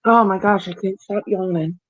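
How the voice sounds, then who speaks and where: Husky woman co-host on a muffled line. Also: medium pitch, steady tone. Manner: reacts with quick exclamations and laughs.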